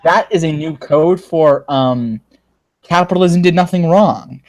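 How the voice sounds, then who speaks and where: A man's voice: fairly high pitch, a little slow. A man hosting a casual livestream, joking sarcastically and reading viewer comments aloud. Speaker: livestream host.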